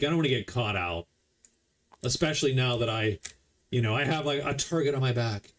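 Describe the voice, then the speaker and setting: A man's voice: mid-range voice, animated, brisk, a little hiss or hum. A man casually commenting as he plays a board game solo, explaining the rules as he goes. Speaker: board game player streaming a solo playthrough.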